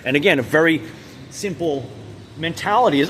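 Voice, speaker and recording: A man talking in an unscripted monologue, rambling and halting with many restarts and fillers, and speaking with intense emphasis. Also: on the high side, lively intonation, fairly bright tone, a little hiss or hum. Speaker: vlogger.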